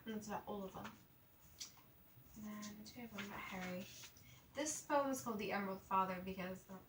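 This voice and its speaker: A woman's voice: mid-range voice, a little fast, far from the mic. A young woman chats in a loose, rambling vlog, her sentences stuffed with "like" and "you know" and broken by stutters and mumbles. She sounds a bit away from the mic, in a roomy space with a faint hum behind her. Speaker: vlogger. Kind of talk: casual confessional vlog.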